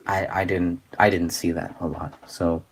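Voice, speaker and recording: A man hosting a casual commentary show, talking in an earnest, halting way with many fillers and restarts. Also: deep voice, level tone, a little hiss or hum. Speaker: podcast host.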